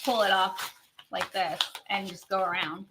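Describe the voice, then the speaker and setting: A woman's voice: medium pitch, level tone, unhurried, background noise. A woman hosting a live craft demo, chatty and bubbly, laughing often as she reads viewer comments.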